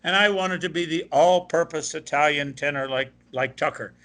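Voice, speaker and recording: A man's voice: fairly high pitch, moderate pace. An older man from Ohio, a tenor, telling stories in an interview and quoting the people he met along the way. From Ohio, USA. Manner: animated anecdotal, quoting others. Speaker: guest, opera tenor. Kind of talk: interview storytelling.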